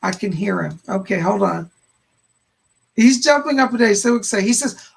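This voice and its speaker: Male psychic medium host, gravelly, husky, relays messages with constant "she said" asides. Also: high voice, moderate pace. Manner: relays spirit messages, frequent "he said" and "hold on". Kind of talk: live-stream psychic readings of chat questions.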